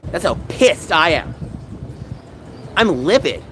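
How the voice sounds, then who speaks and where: A man's voice: a little high, big pitch swings, slow, noisy background. A man livestreaming, chatting casually with his viewers and venting in a rambling, aggrieved way. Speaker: gaming livestreamer. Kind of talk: casual livestream chat reading live chat. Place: San Francisco.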